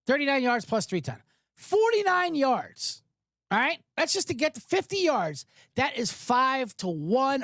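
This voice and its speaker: A man's voice: high-pitched, fairly bright tone, dry recording, clean studio sound. A man hosting a sports betting podcast, talking in a hyped, rambling way, swearing and spinning jokey analogies. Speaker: podcast host.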